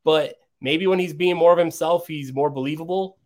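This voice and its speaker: A man in casual chat, thinking out loud in a rambling way with many fillers. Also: a little high, steady tone, moderate pace.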